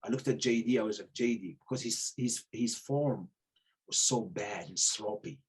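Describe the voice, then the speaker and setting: A middle-aged man telling stories in casual chat, animated, acting out the voices of the people he quotes and swearing freely. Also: lowish voice, normal speed, breathy edge. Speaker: podcast guest telling stories.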